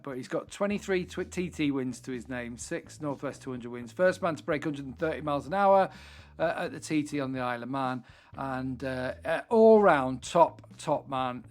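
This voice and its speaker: A man co-hosting a casual podcast, teasing his partner and introducing the guest. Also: medium pitch. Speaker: podcast co-host.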